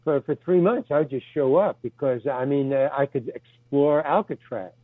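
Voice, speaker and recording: A man's voice: medium pitch, moderate pace, no room sound. An older man, a guest actor, tells rambling stories with stammering restarts and casual swearing, on a tinny, phone-like recording. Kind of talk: rambling anecdotal storytelling. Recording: tinny phone-like dry sound.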